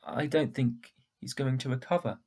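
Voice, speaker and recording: A man voicing a sharp, stubborn young girl in a storybook reading, in a husky, raised voice. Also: mid-range voice, fairly even intonation, normal speed, lightly acted. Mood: firm, reasoning. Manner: raised, insistent questioning.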